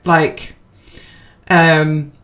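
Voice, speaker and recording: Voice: medium pitch, flat delivery, drawn-out words, fairly bright tone. A podcast co-host chatting casually and rambling, with lots of fillers and restarts, self-deprecating. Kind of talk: casual chat.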